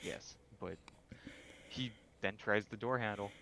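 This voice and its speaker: A man's voice: on the low side, a little slow, vocal fry, background noise. A man playing a tabletop game, loose and laughing, swearing casually. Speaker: player.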